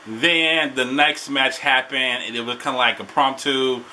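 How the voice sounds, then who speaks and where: Hyped slangy dude recapping wrestling, bright voice, faint hiss behind. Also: male voice, medium pitch, unhurried. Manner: animated, slangy, excitable. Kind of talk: casual recap vlog.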